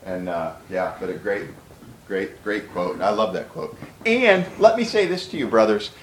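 A man's voice: lowish voice, lively intonation, moderate pace, reverberant, a little hiss or hum, rough recording. A man preaching a sermon to a room of pastors, emphatic and conversational, with repeated words for stress.

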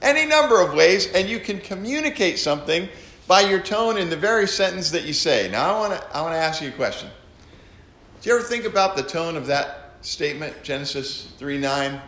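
A man preaching a teaching sermon, his voice leaping up and down as he acts out lines in different tones. He sits a little high for a man. The sound rings around an echoey hall. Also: lively intonation, a little fast, a bit bright. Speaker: pastor. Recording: echoey room.

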